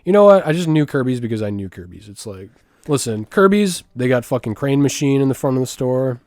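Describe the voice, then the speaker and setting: A man's voice: mid-range voice, sing-song, a little fast, a little mellow, no echo, studio quality. A man co-hosting a podcast in casual chat, crude and swearing, laughing as he rants about food. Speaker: podcast co-host.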